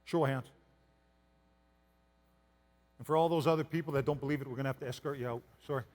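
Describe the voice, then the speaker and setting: A man's voice: mid-range voice, fairly even intonation, very fast, darkish tone, long reverb tail. A man from Canada giving a motivational keynote talk. He tells folksy stories and asks the audience questions. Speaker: motivational speaker.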